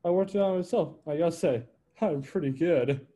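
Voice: mid-range voice, brisk, warm tone, close to an everyday voice. An amateur performer reading a dim young male actor who is confidently clueless.

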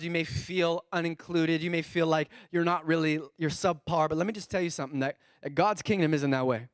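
A young man preaches with playful energy, slipping into quick acted-out voices between points. His voice sits high for a man, and the sound is dry and close with no room around it. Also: dry recording. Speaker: pastor. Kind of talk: sermon.

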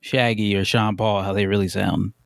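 A man's voice: fairly low pitch, flat delivery, moderate pace, creaky, dry recording, studio quality. A young man co-hosting a podcast in casual chat, rambling and swearing with lots of fillers. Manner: rambling, profane, many fillers. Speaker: podcast co-host.

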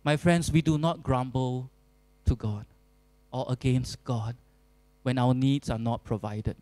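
A man preaching a sermon as pastor, earnest and deliberate, with emphatic repetition. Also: medium pitch, darkish tone, dry recording, rough recording. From Singapore.

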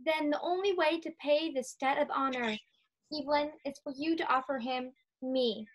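A high-voiced female student reads her part over a video call, eager and expressive in the scene. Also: moderate pace, poor audio. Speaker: acting student. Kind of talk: reading a script aloud.

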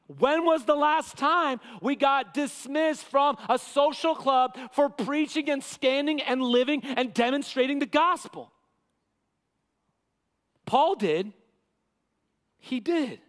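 A man preaching a sermon as pastor, impassioned, sometimes acting out quotes with rising shouts. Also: extremely high pitch, takes it slowly, long pauses. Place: church sanctuary. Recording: long church hall reverb.

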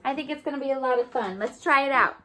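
A woman's voice: sits high, quick pace, bright, forceful tone, a little hiss or hum. A woman music therapist leading young children in a remote lesson, talking in a sing-song, coaxing way and imitating instruments with her voice. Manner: sing-song, coaxing teacher talk with call-and-response.

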